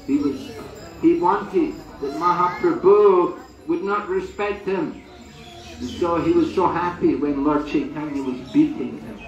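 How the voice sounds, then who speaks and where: A man's voice: on the high side, distant mic, lo-fi sound, faint music behind. Man telling a sacred story with echo. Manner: unhurried storytelling with acted quotes and restarts. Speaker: swami giving a talk at a holy site. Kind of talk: storytelling sermon on a pilgrimage. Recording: echoey, voice from away from the mic.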